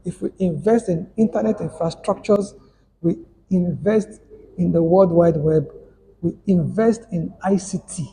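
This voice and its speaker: A man's voice: high-pitched, measured pace, vocal fry, mellow, slight background noise. A man giving a motivational workshop lecture, repeating key figures for emphasis. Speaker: workshop speaker. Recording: long hall reverb.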